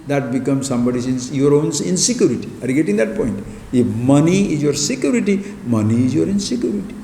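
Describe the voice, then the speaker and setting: A man's voice: medium pitch, warm tone, a little hiss or hum. Man teaching in an echoing hall. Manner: rhetorical questions, repeated emphatic phrases. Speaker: spiritual teacher. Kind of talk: spiritual discourse. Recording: echoey hall with long reverb.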